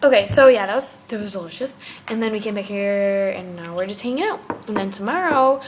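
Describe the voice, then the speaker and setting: A woman's voice: mid-range voice, animated, brisk, background noise. Chatty young woman vlogging from a hotel room. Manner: chatty, giggly, lots of "like". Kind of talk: casual travel vlog chat.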